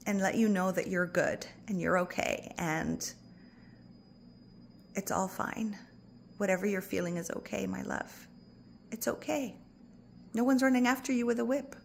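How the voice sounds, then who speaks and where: Gentle, reassuring woman coach. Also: medium pitch, creaky, a little hiss or hum. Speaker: spiritual coach. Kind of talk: heartfelt spoken advice to an online group.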